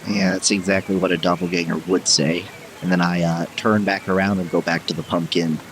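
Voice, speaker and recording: A man's voice: deep voice, little pitch movement, fairly quick, noisy background. A man playing a tabletop game, asking wry, suspicious questions. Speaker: player.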